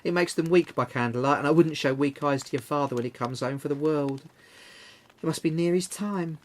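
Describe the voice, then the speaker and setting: Man voicing a gentle grieving mother. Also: fairly high pitch, brisk, pitched above the performer's own voice, lightly acted. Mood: tender. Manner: soft, steady, tender.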